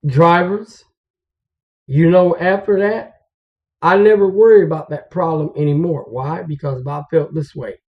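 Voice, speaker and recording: On a dull, lo-fi recording, a trucker with a somewhat high voice talks a little slowly. He tells stories and passes along advice to fellow drivers in a relaxed, slangy, confiding tone.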